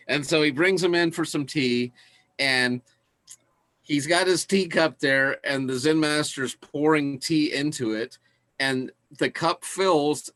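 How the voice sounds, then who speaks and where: Man, casual lecture, enthusiastic, laughs a lot, dry close sound, mid pitch. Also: fairly bright tone, no room sound. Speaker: teacher.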